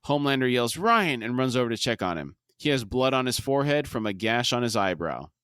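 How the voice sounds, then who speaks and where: A man's voice: medium pitch, expressive, fast, a bit bright, clean tone, no echo, studio quality. A man co-hosting a podcast, steadily narrating a TV episode scene by scene with brief comments. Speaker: podcast co-host. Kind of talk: scene-by-scene recap reading.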